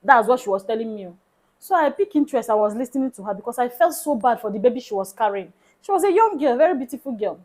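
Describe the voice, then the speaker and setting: A woman with a Nigerian accent telling a personal story in a casual, animated way, sometimes dropping into soft hushed tones. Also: on the high side, fast, rough recording. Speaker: vlogger.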